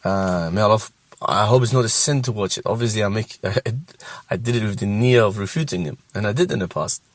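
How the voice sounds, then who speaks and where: A man's voice: on the low side, a little fast, no room sound. A man hosting a religious reaction show, giving scornful commentary and laughing mockingly between remarks.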